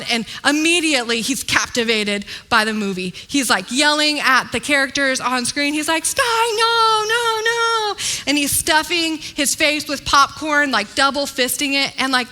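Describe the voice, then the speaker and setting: A woman in her thirties preaching a sermon, telling a family story in an animated, chatty way with many fillers. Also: sits high. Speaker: pastor. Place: church.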